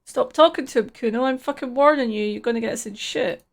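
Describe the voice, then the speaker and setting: Hostile teenage girl as a woman reads her, curt threats, gravelly edge, video game character. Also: on the high side, fairly even intonation, quick pace. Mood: threatening.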